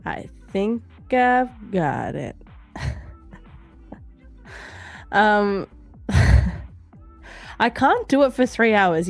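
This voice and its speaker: A woman hosting a live trading stream, reading viewer comments aloud in a playful, teasing way and laughing often. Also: medium pitch. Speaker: livestream trading show host.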